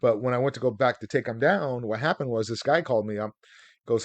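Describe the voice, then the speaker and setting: A man's voice: mid-range voice, quick pace, dry recording. A man teaching real estate deals on a video call, rambling through stories with plenty of filler words. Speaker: real estate investor teaching seller financing. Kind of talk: casual webinar talk.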